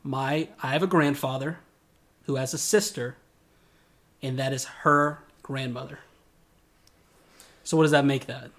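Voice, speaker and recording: A young man co-hosting a casual podcast, an animated storyteller who laughs often. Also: mid-range voice, unhurried, pauses often. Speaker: podcast co-host. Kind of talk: casual chat.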